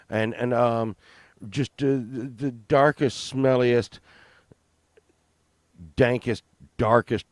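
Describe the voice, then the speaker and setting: A man's voice: lowish voice, dry recording. A man in his fifties telling a story on a stream, rambling, profane and full of fillers and restarts.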